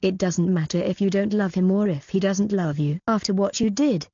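A woman's voice: mid-range voice, normal speed, warm tone, slightly rough, dry recording, muffled recording, close to an everyday voice. A woman reading the part of a cold, cruel middle-aged duke who talks harshly and threateningly to his daughter.

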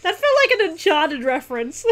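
Shrieking, laughing high-voiced woman. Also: moderate pace. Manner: excitable, laughs and shouts often. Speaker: reaction video host. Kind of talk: excited reaction commentary.

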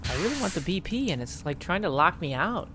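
Gaming commentator: sarcastic, foul-mouthed, swings from mutters to yells, mid pitch, lively. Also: fairly quick, music in the background. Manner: sarcastic, swears freely, yells at the game characters. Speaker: let's play commentator.

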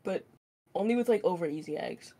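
A woman's voice: lowish voice, very animated, a little fast, vocal fry, warm tone. A woman chatting casually with a friend, rambling and filling her talk with "like". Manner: rambling, heavy use of "like" fillers. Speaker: friend of the streamer. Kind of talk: casual chat.

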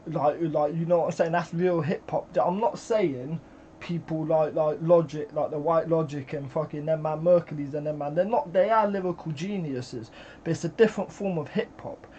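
A British man reacting to music in casual commentary, excitable and exclaiming, with frequent swearing. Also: a little high, normal speed, muffled recording, slight background noise.

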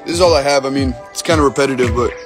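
Music plays behind a young American livestream host who talks very fast in a mid-range voice. He reads comments in a rambling, joking, profane way, heavy on filler.

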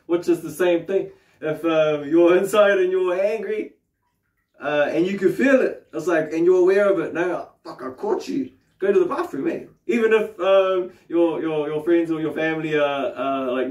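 A man's voice: on the high side, darkish tone. A man with a New Zealand accent teaching meditation in a loose, casual way, swearing freely and tagging his sentences with questions. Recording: roomy, distant mic.

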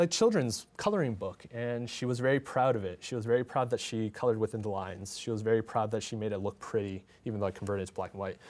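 A young man presenting his photographs in a talk, speaking in a halting, heartfelt way with many restarts and fillers. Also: mid-range voice. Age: young adult.

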